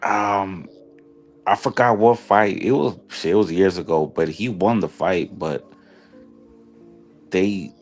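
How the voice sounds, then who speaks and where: Lower-voiced blunt male panelist. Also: slow pace, long pauses, faint music behind. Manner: blunt, mixes Spanish curses. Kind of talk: casual chat.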